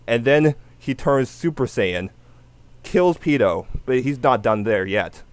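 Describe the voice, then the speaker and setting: A man on a casual panel, explaining his pick with a steady plot recap. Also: mid-range voice, slow pace, smooth, no echo.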